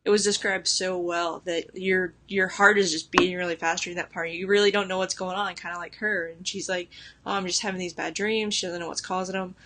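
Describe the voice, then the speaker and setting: A woman's voice: lowish voice, flat delivery, brisk, few pauses, pushed and bright. A young woman chatting casually about a book she is reading, with lots of "like" and little laughs. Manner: chatty, full of "like" and restarts, laughing often. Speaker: book vlogger.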